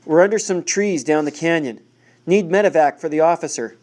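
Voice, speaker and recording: A man's voice: a little high, brisk, darkish tone, close to an everyday voice. A man playing a winded, burly policeman. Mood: urgent. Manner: breathless, urgent, commanding.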